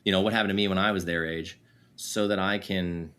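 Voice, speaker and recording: A man in his forties with a lowish voice talks as a podcast guest. He speaks candidly and mocks himself, laughing easily and filling his talk with "you know" and "like". He tells it with loose, relaxed honesty. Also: brisk. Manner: candid, self-deprecating, laughs easily, many fillers. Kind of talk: casual candid conversation.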